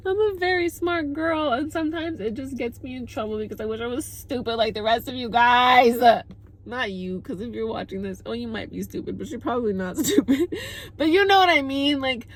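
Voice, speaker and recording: A woman in her twenties vlogs to camera in a candid girl-talk monologue, speaking emphatically and fairly quickly in a fairly high voice. She swears often and leans heavily on "like."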